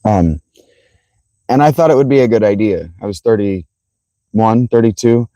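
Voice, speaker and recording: A man's voice: fairly low pitch, animated, measured pace, dark tone, no echo. A man in his thirties livestreaming by a fountain, with a worn, strained voice, laughing often and swearing as he chats. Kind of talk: casual livestream chat. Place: outdoors by a fountain.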